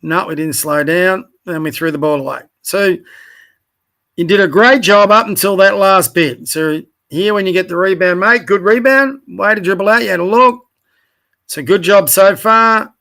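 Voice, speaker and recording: In a sharp, high-pitched voice at normal speed, a man coaching youth basketball comments casually on game video late at night. He's tired and yawning, yet stays direct, corrects errors, encourages, and names his players.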